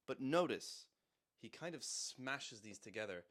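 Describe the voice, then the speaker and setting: A man walks through grammar in a relaxed, chatty teaching voice. He sits at a middle pitch and keeps coming back to repeat short example phrases aloud. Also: measured pace. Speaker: Spanish teacher. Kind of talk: casual explanatory lesson.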